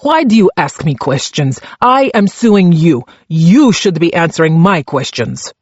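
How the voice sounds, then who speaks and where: A man's voice: a little high, big pitch swings, measured pace, no room sound, muffled recording. A man voicing a surly, bullying Czech immigrant landlord with a thick Czech accent, boastful and barking. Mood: defiant.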